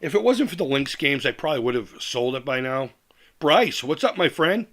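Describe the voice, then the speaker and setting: A man's voice: medium pitch, big pitch swings, normal speed, fairly bright tone. A middle-aged man hosting a live chat stream, reading comments aloud and ranting with heavy profanity and frequent laughs. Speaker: livestream host.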